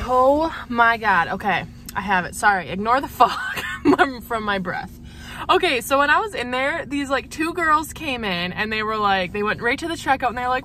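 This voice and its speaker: Gushing excited young woman vlogger. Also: a little high, moderate pace, a little hiss or hum. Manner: gushing, breathless excitement, frequent laughing. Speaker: book vlogger. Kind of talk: excited casual vlog chat. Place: in a car.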